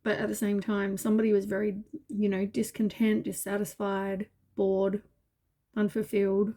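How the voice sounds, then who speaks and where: A tired woman reads tarot cards in a loose, rambling way, full of fillers and gentle reassurance. Her voice is mellow and soft at a middle pitch, and she sounds worn out. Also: completely flat delivery, normal speed. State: tired, yawning. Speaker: tarot reader. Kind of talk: casual tarot reading.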